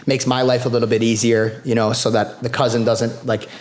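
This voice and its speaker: A young man, a guest on a casual podcast, tells a long story with a lot of energy. His talk is loose and profane, peppered with filler words and quick asides. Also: medium pitch, flat delivery, a little mellow. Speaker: guest grappler.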